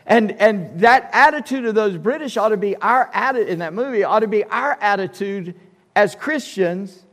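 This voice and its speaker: High-voiced pastor preaching in a reverberant hall. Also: male voice, lively intonation, moderate pace, a bit bright. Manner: emphatic, conversational preaching with asides. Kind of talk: sermon. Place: church sanctuary.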